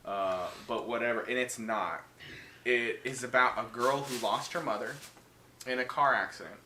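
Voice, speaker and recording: A man co-hosting a podcast, telling horror movie plots in casual, profane, animated chat. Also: mid-range voice, normal speed. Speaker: podcast co-host. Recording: echoey room with faint noise.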